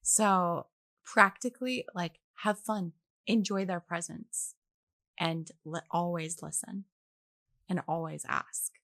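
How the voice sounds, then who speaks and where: A young adult woman, a guest on a faith podcast, talking in a casual, animated way and acting out the voices she quotes. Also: lowish voice, takes it slowly, no echo, studio quality. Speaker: guest, actress.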